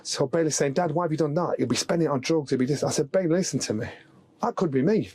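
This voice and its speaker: A middle-aged man from England chats as a podcast guest, telling stories with lively energy and acting out the voices he quotes. His voice sits a touch higher than most men's. The sound is dry and close. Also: quick pace, slightly rough, dry recording. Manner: animated storyteller, acts out quoted voices. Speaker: podcast guest, former boxing world champion. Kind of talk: casual storytelling chat.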